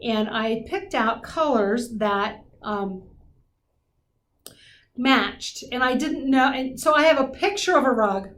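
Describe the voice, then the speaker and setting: A woman's voice: fairly high pitch, takes it slowly, fairly bright tone, echoey room. Dry-humored woman co-host. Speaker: podcast co-host. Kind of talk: casual chat.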